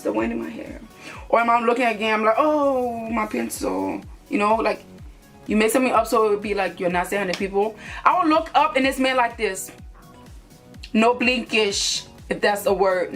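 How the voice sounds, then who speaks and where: Young woman telling a storytime, slightly high voice, blunt and cussing, soft music behind. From Liberia. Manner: chatty, blunt, profane, talks straight to viewers. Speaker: YouTuber. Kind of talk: casual storytime.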